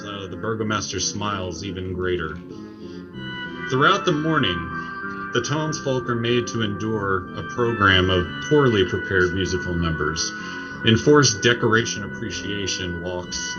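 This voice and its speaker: Deep voiced guy dming a tabletop game, steady with some uhs, music behind, muffled audio. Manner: measured storytelling with "uh" fillers. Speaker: game master.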